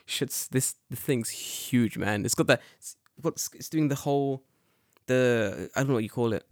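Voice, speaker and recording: A young man chatting casually on a podcast, telling a story with lots of swearing and acting out the quotes with sudden loud, high jumps in his voice. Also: moderate pace, dry recording, studio quality. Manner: animated, swearing, acts out quotes with big jumps in pitch. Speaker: podcast co-host.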